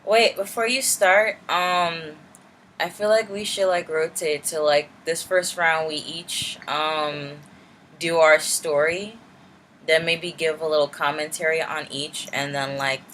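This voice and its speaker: A woman's voice: low voice, fairly even intonation, measured pace, a bit bright, a little hiss or hum, low-quality recording. A woman in casual podcast chat, talking hesitantly with many fillers. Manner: hesitant, full of "like" and "um". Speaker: podcast participant.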